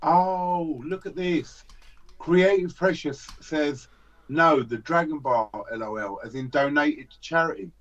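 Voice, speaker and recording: Man auctioneering on a charity livestream. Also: a little high. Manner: fast auctioneer patter, joking. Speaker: livestream host. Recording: dull lo-fi stream audio.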